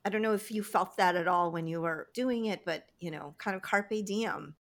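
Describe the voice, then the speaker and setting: A woman's voice: lowish voice, normal speed, a bit bright. A woman hosting an interview, asking questions and sharing her own thoughts in a conversational way. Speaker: interview host. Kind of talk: casual interview chat.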